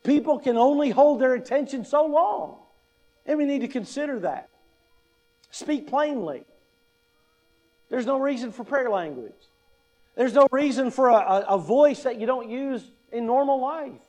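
A man's very high, darkish voice moves with lively intonation, a little slowly and with frequent pauses. He is a pastor in his fifties giving a conversational teaching talk on public speaking, asking "right?" often and adding wry humor.

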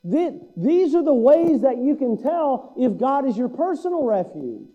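A man's voice: very high-pitched, sing-song, a little slow, lo-fi sound, soft background music. A man preaching a sermon as pastor, asking the listeners a string of rhetorical questions and building to urgent emphasis.

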